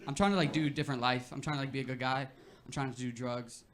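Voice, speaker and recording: A young comic performs stand-up in a club, speaking fast in a medium-pitched, fairly even voice over a noisy background. He's relaxed and loose, tossing in "like" and "you know" constantly while the crowd laughs.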